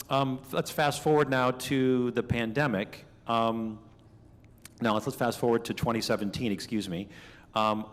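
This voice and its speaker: Chatty male keynote speaker in a reverberant hall. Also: medium pitch. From Minnesota. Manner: chatty, animated storytelling with asides. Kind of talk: conversational keynote speech. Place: banquet hall.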